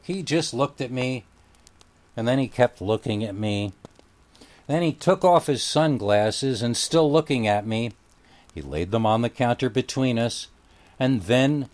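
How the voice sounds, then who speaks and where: A man with a somewhat low voice narrates a scripted scary story in the first person. His delivery is wry and conversational, easing into the suspense as if telling it to a friend. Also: darkish tone.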